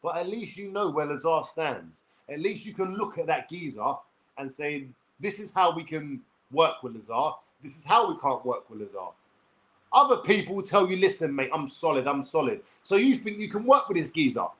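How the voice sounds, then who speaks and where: A man's voice: on the high side, very animated, normal speed, bright, forceful tone, poor audio. Blunt swearing London man in his forties. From England. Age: 40s. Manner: blunt, swears freely, addresses viewers as people. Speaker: online personality. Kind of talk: rambling talk to camera.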